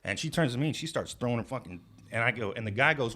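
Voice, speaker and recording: A man workshopping a stand-up story in a casual comedy writing session, animated and profane, shouting out the lines he quotes. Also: medium pitch, racing.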